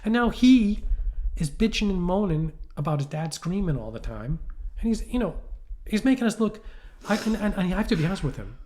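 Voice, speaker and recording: A man co-hosting a podcast, telling stories in a lively way and acting out the people he quotes. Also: high-pitched, brisk. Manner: animated storyteller, acts out quoted voices. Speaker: podcast co-host. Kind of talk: casual chat.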